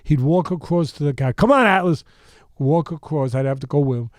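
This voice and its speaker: A man in his sixties from New York tells a long story in a warm, low voice, drifting into asides. The recording is dry and close, a podcast studio mic with no room sound. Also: a little fast, no room sound. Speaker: boxing trainer, podcast guest. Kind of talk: animated storytelling.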